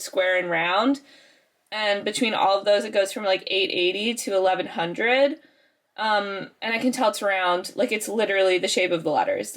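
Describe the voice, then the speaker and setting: Bright-voiced young woman vlogging casually. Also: medium pitch. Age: young adult. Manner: chatty, rambling with many fillers like "um" and "like". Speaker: student vlogger. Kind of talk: casual vlog talk to camera.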